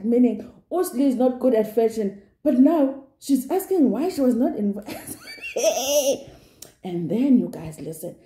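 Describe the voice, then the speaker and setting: A woman's voice: fairly high pitch, moderate pace, a little hiss or hum. Lady gossiping about a reality show finale, acts out the quotes, echoey room. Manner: animated gossip, acts out quotes, laughs often. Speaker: reality TV recap host. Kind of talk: casual recap commentary. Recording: roomy echo.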